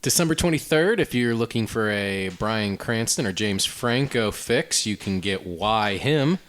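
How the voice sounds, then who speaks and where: A man's voice: fairly low pitch, lively intonation, unhurried, fairly bright tone. A man co-hosting a casual movie podcast, talking loosely with laughs and filler ums. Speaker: podcast co-host.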